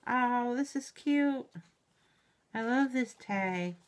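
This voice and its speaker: A middle-aged woman opening a mail package in a home vlog, gushing and giggling, shaky with excitement. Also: fairly high pitch, slow pace. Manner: gushing and giggly, exclaims often. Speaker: YouTube reviewer. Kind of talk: unboxing vlog.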